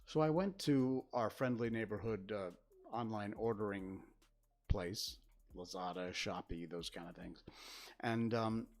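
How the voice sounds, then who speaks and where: A man's voice: fairly low pitch, measured pace, a little mellow. An older man chatting casually on a livestream from his home studio, rambling and dryly sarcastic as he reads his chat. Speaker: livestream host. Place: spare-bedroom streaming studio. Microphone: desk setup facing a webcam.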